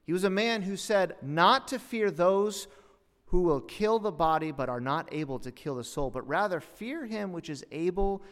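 A man preaching with a slightly high voice, dropping to a hush and then rising to loud outbursts. His sermon rings out with a long hall reverb around it. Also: animated, moderate pace. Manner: dramatic, swings between hushed and loud, mock asides. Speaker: pastor.

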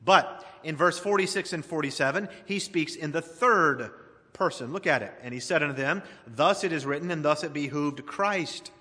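A man's voice: fairly high pitch, normal speed, sharp tone. A man preaching a sermon, reading scripture aloud and addressing the congregation directly with emphasis. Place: church sanctuary. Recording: long reverb of a church hall.

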